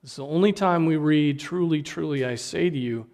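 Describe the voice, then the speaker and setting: Male preacher mid-sermon, earnest and emphatic, slightly higher voice, stumbles and restarts. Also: a little fast, a little mellow. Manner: earnest, emphatic, with repeated restarts and rhetorical "right?".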